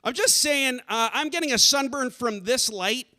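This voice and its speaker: A man doing a stand-up set on a theater stage, deadpan and self-deprecating, bursting into shouted rants. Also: very high voice, moderate pace. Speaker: stand-up comedian.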